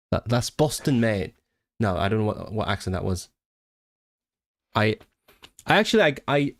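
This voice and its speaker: A man's voice: on the low side, gravelly. A man, a Cantonese speaker, chatting casually on a livestream, talking in bursts with many restarts. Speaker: language streamer.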